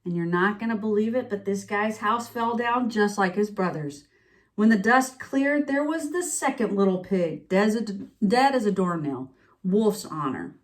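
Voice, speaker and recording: A woman's voice: medium pitch, lively intonation, moderate pace, lightly acted. Self-pitying wolf telling his own side, as a woman reads it aloud; confiding, storybook read-aloud. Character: sniffly, self-pitying male wolf narrator. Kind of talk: picture-book read-aloud.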